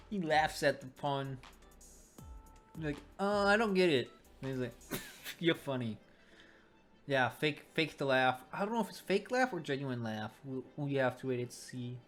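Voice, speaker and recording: A man's voice: medium pitch, expressive, measured pace, pauses often, fairly bright tone, soft background music. A young man giving casual, rambling commentary while reviewing a webcomic, full of joking asides.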